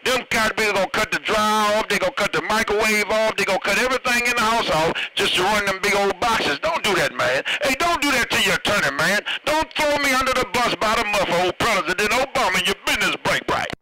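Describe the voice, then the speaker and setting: A man's voice: high-pitched, expressive, fast, hardly any pauses, a crowd in the background, rough recording. A man teasing and joking over a CB radio, signing off his turns with radio lingo. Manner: joking, teasing, signs off with "break, break". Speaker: CB radio operator. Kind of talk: CB radio chatter.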